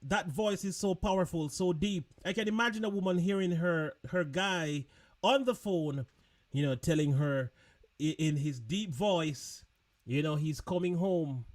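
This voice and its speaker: Chatty male host of a live online show. Fairly high voice, loose and informal. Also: a little slow. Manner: chatty, loose, laughing, repeats words. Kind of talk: casual live-stream chat.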